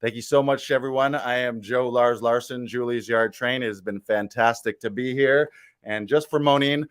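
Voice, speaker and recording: Male comic, deadpan and self-important, dry close mic. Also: mid-range voice, normal speed, smooth, dry recording. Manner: mock-grandiose showman. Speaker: comedy performer.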